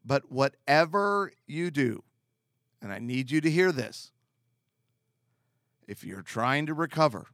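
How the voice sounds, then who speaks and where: Slow, gravelly man giving marriage advice. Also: medium pitch, no echo, studio quality. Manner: calm, earnest and direct, with repeated emphatic phrases. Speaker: marriage counselor. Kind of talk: advice talk to camera.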